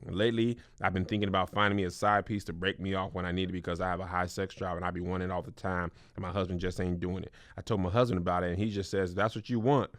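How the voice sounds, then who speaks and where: A man hosting a comedic advice show, reading viewer letters aloud and then riffing on them with loud mock outrage. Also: deep voice, little pitch movement, quick pace, hardly any pauses, no echo. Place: small studio.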